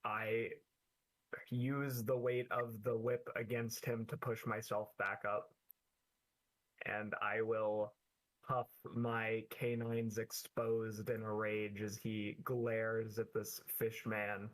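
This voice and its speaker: A man playing a tabletop game, describing his character's actions slowly and deliberately. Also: fairly low pitch, flat delivery, a bit bright, poor audio. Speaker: player. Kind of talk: tabletop play over voice chat.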